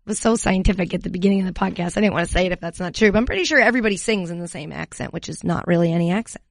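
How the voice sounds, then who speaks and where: A woman's voice: lowish voice, rapid-fire, vocal fry, no echo. Woman hosting a casual podcast, rambles and laughs at herself, dry close sound. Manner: giggly, self-mocking, rambling. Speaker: podcast host.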